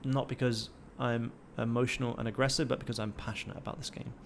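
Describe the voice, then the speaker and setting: Young male livestream host, casual and profane, hyped and motivational, average pitch. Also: flat delivery, fast, gravelly, a little hiss or hum. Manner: swears constantly, pumped-up and motivational.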